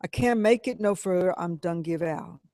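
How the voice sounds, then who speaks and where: A man's voice: sits high, normal speed, a little mellow, no echo, studio quality. Man voicing a weary Southern woman.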